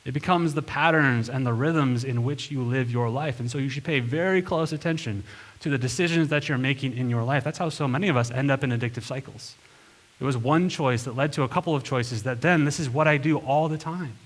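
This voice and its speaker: A man's voice: medium pitch, brisk. Pastor, male, mid-range voice, earnest emphatic sermon delivery with punchy quoted lines, preaching in a church. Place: church sanctuary.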